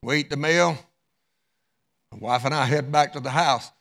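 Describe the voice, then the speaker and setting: Gravelly, dramatic storytelling preacher man. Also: on the high side, moderate pace. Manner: dramatic, wide swings in loudness. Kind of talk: storytelling sermon.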